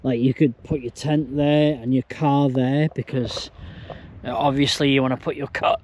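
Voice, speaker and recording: Talking to a handheld camera at a campsite, a slightly drunk man vlogs outdoors, hiccuping as he rambles slowly and loosely and pokes fun at himself. His mid-range voice is darkish and fairly flat in pitch, with a faint hiss or hum underneath. It's a casual vlog monologue, delivered tipsy.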